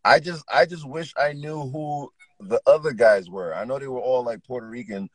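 A middle-aged man, a guest on a talk show, telling a story in an animated, profane way with lots of quick restarts. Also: medium pitch, no room sound, poor audio. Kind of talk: casual storytelling chat.

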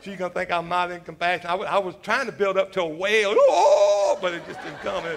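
A man preaches in a high, bright, ringing voice. He spins loose, animated stories peppered with casual asides and laughs at himself along the way. It is an easygoing sermon delivered like a conversation with his congregation. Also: normal speed. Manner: animated storytelling, peppered with "man" and "you know"; self-deprecating humor, laughs at his own stories. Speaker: pastor.

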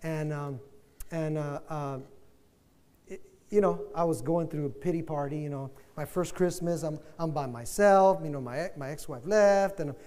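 High-voiced older male pastor preaching. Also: normal speed. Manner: animated preaching, rising to loud fervor. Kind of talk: sermon. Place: church sanctuary. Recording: long church-hall reverb.

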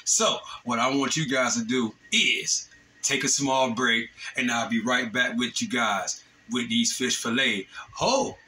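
Guy showing how to skin fish fillets, calm steady how-to talk, bit of faint noise behind. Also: medium pitch, a little slow, poor audio. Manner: steady step-by-step instruction to viewers. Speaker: fishing show host. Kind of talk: cooking demonstration. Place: home kitchen.

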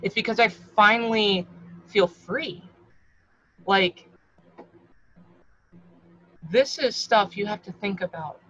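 A woman in her thirties talking frankly to camera in a casual advice vlog. She is warmly encouraging, swears freely and calls the viewer hun. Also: medium pitch, slow pace, pauses often, a little hiss or hum. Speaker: vlogger. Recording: slightly dull lo-fi recording.

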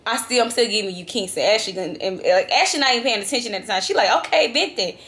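A young woman vlogger telling a travel story to her viewers in a lively, dramatic, casual way. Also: medium pitch, racing. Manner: animated, dramatic retelling, addresses viewers as y'all. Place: vacation lodging, indoors.

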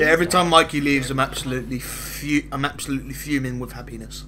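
A young man shouting, laughing and swearing in casual banter with friends during an online game. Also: medium pitch, quick pace, noisy background. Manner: loud, laughing, swearing, mock-outraged shouting. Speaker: gamer.

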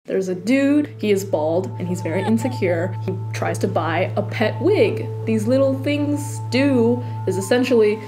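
A woman's voice: medium pitch, lively intonation, measured pace, few pauses, dark tone. A woman narrating a casual recap of a comic story in a chatty way, using lots of filler words and acting out the characters' voices. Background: music.

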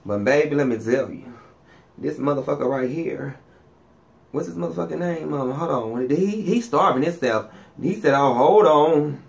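A man, giving a profane, sassy gossip monologue as a vlogger, swinging his pitch up and down for emphasis. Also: lively intonation, moderate pace, creaky.

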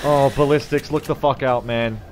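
A man giving live gameplay commentary, excitable, swearing often and shouting at the game. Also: medium pitch, normal speed, soft background music. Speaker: game streamer.

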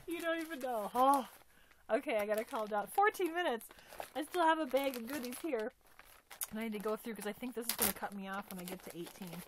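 A woman unboxing gifts in a casual vlog, gushing with excitement and often dropping to a whisper. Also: a little high, quick pace, slight background noise. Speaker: doll collector unboxing gifts.

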